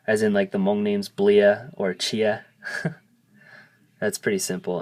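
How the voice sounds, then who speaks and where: A man's voice: lowish voice, little pitch movement, a little mellow. A man who speaks English as his first language gives a casual video lesson, patiently explaining and sounding out vowels. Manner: slow, patient explaining, modelling sounds aloud. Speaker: language teacher.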